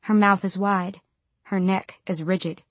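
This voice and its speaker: A woman narrating an audiobook in the first person, quiet and subdued. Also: medium pitch, steady tone, unhurried, no echo.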